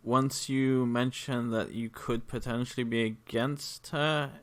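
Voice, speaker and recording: A man narrating a tabletop game as game master, pausing often with fillers as he works out the rules. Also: medium pitch, fairly even intonation, a bit bright. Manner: hesitant, frequent fillers.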